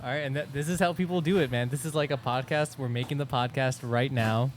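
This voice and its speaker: A man's voice: mid-range voice, quick pace, slight background noise. A young man co-hosting a casual podcast chat, upbeat, laughing easily and restarting his sentences. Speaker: podcast co-host.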